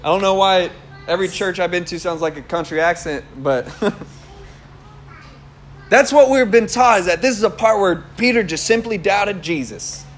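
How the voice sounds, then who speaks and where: Young male preacher, high voice, casual and animated, laughs often. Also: normal speed. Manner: conversational, animated storytelling with laughs. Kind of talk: casual sermon.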